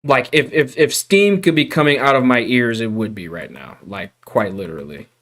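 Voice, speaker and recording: While teaching 3D character creation in a casual live-stream chat, a streamer vents with exasperation, groaning, swearing, and calling viewers bro, dude, and guys. The voice is mid-range and a bit bright, with lively intonation at a normal speed.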